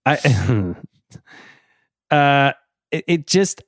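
A man's voice: medium pitch, big pitch swings, extremely slow, no room sound, clean studio sound. A man co-hosting a podcast, giving an earnest, thoughtful review of an album in casual chat and laughing easily. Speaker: podcast co-host.

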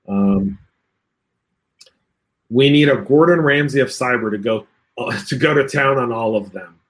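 A man's voice: mid-range voice, measured pace. A man hosting a casual cybersecurity panel chat, reading out comments, joking and laughing often, with lots of fillers.

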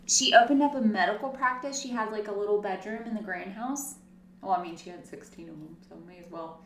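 A woman co-hosting a casual true-crime podcast, telling the story in an animated way with sarcastic asides. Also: medium pitch, a little fast. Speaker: podcast co-host. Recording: roomy, distant mic.

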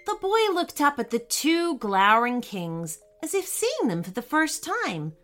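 A woman narrating a children's story in an expressive, unhurried way. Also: high voice. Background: faint music.

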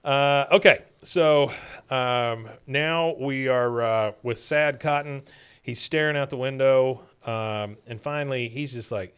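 A man's voice: medium pitch, unhurried, fairly bright tone, smooth. Podcast host, male, clean resonant voice, easygoing scene-by-scene recap. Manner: retells scenes, briefly mimicking characters' lines. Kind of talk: casual episode recap.

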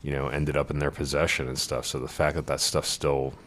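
A man with a very deep, low voice co-hosts a casual podcast. He speaks in a measured way and adds side facts to the conversation. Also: flat delivery, fairly bright tone, a little hiss or hum. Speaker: podcast co-host.

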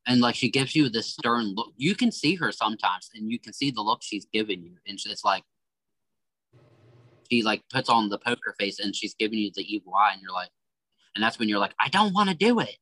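A man's voice: lowish voice, brisk, sharp tone, no echo, rough recording. A man guest, a psychic medium, giving a reading and earnestly relaying quoted messages. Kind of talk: giving a spiritual reading in conversation.

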